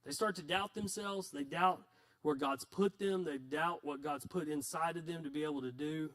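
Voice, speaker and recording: A male pastor delivers a sermon in a high-pitched voice. He preaches conversationally and mixes in self-mocking stories. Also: moderate pace, a bit bright. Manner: conversational, self-deprecating storytelling.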